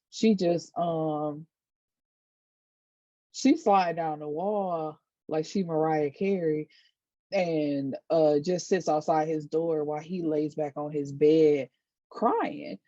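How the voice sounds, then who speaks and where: A woman vlogger casually recapping a TV episode, chatty and animated, acting out quotes and dropping side comments. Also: lowish voice, no room sound, lo-fi sound. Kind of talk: casual chat.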